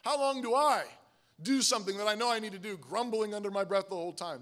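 Man, pastor, sermon, high bright voice, emphatic, loud stresses and quiet asides. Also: quick pace. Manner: emphatic, with repeated "Right?" asides.

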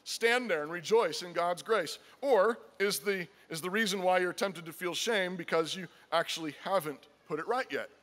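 High-voiced preacher in a reverberant hall. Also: male voice, normal speed, hardly any pauses, fairly bright tone. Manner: earnest, emphatic, repeats key phrases, acts out imagined dialogues. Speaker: pastor. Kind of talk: sermon. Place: church sanctuary.

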